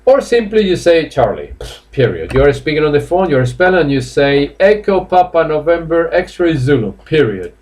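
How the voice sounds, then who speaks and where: A man's voice: on the high side, very animated, moderate pace, a little mellow, a little hiss or hum. A man from Spain teaching English live online in a Spanish accent, chatty and coaxing, with lots of fillers and laughs. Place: classroom or office indoors.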